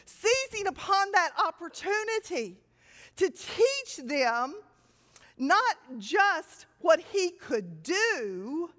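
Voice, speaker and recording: A woman teaching a Bible sermon, telling stories with lively, sudden loud emphasis. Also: extremely high pitch, very slow, big-room sound. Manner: animated storytelling with sudden loud emphatic lines.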